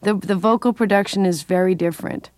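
A woman's voice: mid-range voice, steady tone, brisk, darkish tone, no room sound, clean studio sound. A woman in her sixties from California, a jazz singer and voice teacher, explaining her singing career thoughtfully in an interview and laughing often. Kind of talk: interview conversation.

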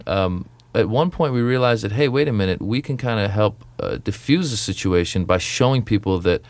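A man's voice: fairly low pitch, normal speed, no echo. A young adult man, a comedian, telling stories and acting out his stand-up jokes in a radio interview. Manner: animated storytelling, acts out jokes. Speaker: comedian guest.

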